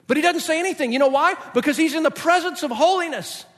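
A man's voice: very high-pitched, fast talker, a bit bright. A male pastor preaching a sermon in an emphatic, explanatory way. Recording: long reverb of a large hall.

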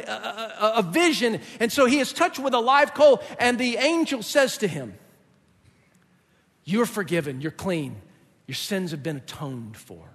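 Man preaching, high voice, emphatic, explains things, long echo of a big hall. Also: fairly bright tone. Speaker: pastor. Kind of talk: sermon. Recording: long reverb of a large hall.

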